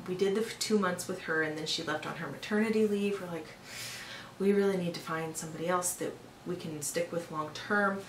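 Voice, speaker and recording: A young woman telling a personal story in a casual vlog, chatty and full of filler words, growing exasperated at times. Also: lowish voice. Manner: chatty, lots of fillers, exasperated when retelling. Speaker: vlogger. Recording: echoey room, a bit far from the mic, faint hiss.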